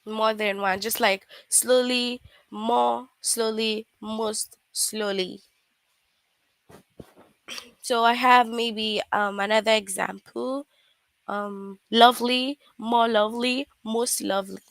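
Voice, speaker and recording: A woman teaching an online English class, patient and repeating examples slowly. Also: fairly high pitch, fairly even intonation, vocal fry, a bit bright, dry recording.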